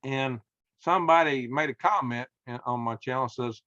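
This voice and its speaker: A man with a Southern American accent talks in a folksy, emphatic way as host of a casual conversation. His voice sits at an ordinary pitch. The sound is dry, close and slightly muffled. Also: moderate pace, pushed and bright, no echo. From Southern United States. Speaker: podcast host.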